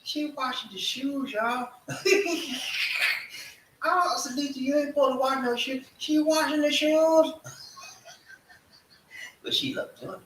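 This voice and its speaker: This is hyped live stream chatter from a man out of the American South, who leads his audience in call-and-response chants like a fired-up preacher. His voice sits extremely high, steady in tone and slightly bright, delivered slowly with long pauses. A faint hiss or hum runs underneath, and the distant mic picks up a reverberant room.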